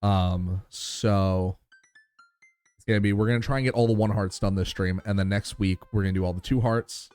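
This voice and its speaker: A man with a New York accent chats with his live-stream viewers between bits of reading a game. His voice sits on the low side, easygoing and quick to laugh, with casual swearing. Faint game music plays under him. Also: steady tone, darkish tone, smooth, no echo. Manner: chatty, laughs easily, swears casually, talks to chat.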